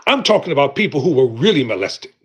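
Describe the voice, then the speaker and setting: A middle-aged man hosting a livestream talk gives an impassioned motivational monologue in an emphatic, preacherly style. He moves quickly with big pitch swings and a slightly rough voice, alternating loud bursts with low, intense stretches.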